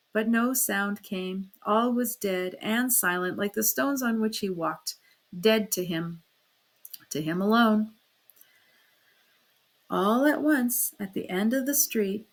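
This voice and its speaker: A woman narrating a classic novel as an audiobook reader, in a steady storytelling manner. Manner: steady storytelling, raises pitch and volume for quoted speech. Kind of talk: scripted narration.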